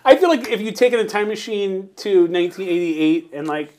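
Lively dude cohosting a podcast, pitch jumps all over, cusses a lot. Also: male voice, fairly quick, a little hiss or hum. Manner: animated, swearing, laughing. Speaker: podcast co-host. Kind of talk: casual chat.

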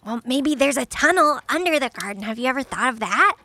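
A woman's voice: sits high, expressive, fairly quick, pushed and bright, full character voice. A woman voicing a nosy, eager young adventurer.

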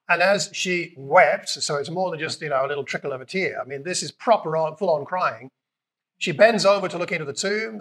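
A man with a British accent preaching a conversational sermon, retelling scripture and acting out lines with lively emphasis. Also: high-pitched. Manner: conversational, animated, acts out quotes with raised voice.

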